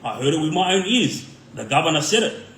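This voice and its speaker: This Australian former inmate speaks briskly in a fairly bright, higher voice with big swings in pitch, recorded in an echoey room with a little hiss or hum. He rambles through casual prison stories laced with street slang and lots of "like" and "um."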